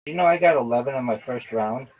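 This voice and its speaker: A man's voice: medium pitch, fast, a little mellow, low-quality recording. A man hosting a livestream, chatting casually and teasing his friend in a playful way. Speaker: livestream host. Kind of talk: casual chat.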